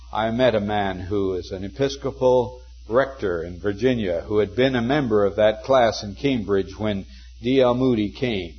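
An older man preaching a sermon, telling stories earnestly and slowing down to quote scripture. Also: medium pitch, husky. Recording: dull lo-fi sermon recording.

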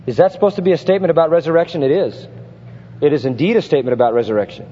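A man preaching in a big church hall, his fairly high voice carrying a long reverb. He builds to forceful, emphatic peaks and asks pointed rhetorical questions. The recording sounds a little dull and lo-fi. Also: animated, very fast, a little hiss or hum. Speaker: pastor. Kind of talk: expository sermon.

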